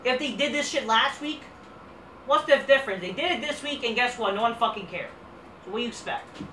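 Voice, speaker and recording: A woman's voice: on the high side, animated, brisk, pushed and bright, a little hiss or hum. Profane, exasperated woman ranting. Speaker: host. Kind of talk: ranting wrestling review. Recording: roomy echo from distant mic.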